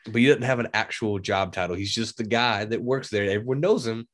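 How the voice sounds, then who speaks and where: A man with a fairly low voice chats casually about a film. He retells the scenes in a lively way and slips into quick acted quotes from the characters. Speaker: movie discussion co-host. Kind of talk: casual chat.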